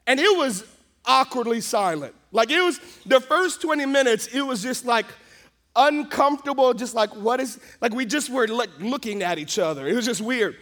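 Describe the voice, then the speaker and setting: Pastor, male, delivering a lively sermon story; voice sits unusually high. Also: moderate pace. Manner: animated storytelling, acting out the scenes.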